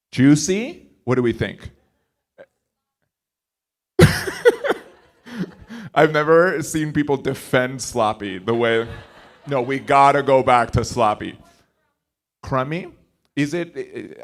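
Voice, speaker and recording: Rambling man doing stand-up crowd work. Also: mid-range voice. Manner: chatty, rambling, quick restarts and asides; eager, coaxing the audience to join in. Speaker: comedian. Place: stage at a live conference.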